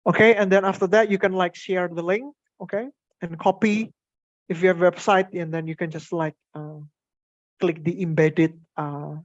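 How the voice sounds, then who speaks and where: A man's voice: high-pitched, steady tone, moderate pace, no room sound, muffled recording. A man with an Indonesian accent presents a workshop demo on a video call, chatting loosely and filling gaps with many fillers. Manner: chatty, code-switching, filler-heavy. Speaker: teacher-training workshop presenter. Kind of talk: online workshop tech demo.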